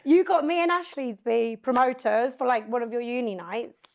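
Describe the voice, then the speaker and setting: A woman in her twenties hosting a podcast, her voice pitched high. She chats freely, laughing often and swearing without a second thought. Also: moderate pace. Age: 20s. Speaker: podcast host. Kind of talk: casual chat.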